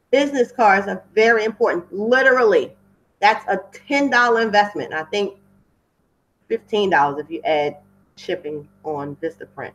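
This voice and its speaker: Over a computer mic with poor audio, a woman with a medium-pitched, fairly bright voice talks at a moderate pace. It's casual webinar talk aimed at wedding professionals, loose and unscripted, with words repeated for emphasis.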